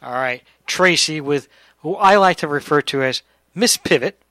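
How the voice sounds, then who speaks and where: A man's voice: a little high, normal speed, pushed and bright, dry recording, poor audio. A man from New York hosting a casual radio talk show, chatty and jokey, teasing his co-hosts and guests. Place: radio studio.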